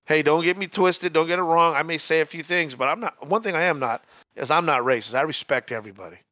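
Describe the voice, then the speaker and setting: A middle-aged man telling a story in casual chat, animated, repeating words and swearing freely. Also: a little high, fast, no echo, lo-fi sound.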